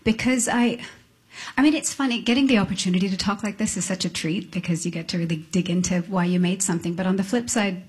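A woman's voice: mid-range voice, husky. A middle-aged woman musician, talking thoughtfully on stage in an interview, with frequent restarts. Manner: thoughtful, halting restarts, soft laughs. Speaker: musician guest. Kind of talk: reflective interview talk. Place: on stage before an audience.

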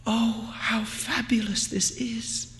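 A man voicing a joyful, innocent young woman in a storybook reading, speaking in soft, wondering exclamations. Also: very high voice, little pitch movement, slow, voice pushed up, full character voice.

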